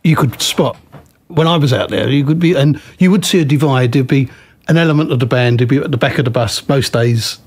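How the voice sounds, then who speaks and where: A man interviewing a singer, recalling a tour he was on, with halting restarts. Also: medium pitch. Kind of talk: conversational interview.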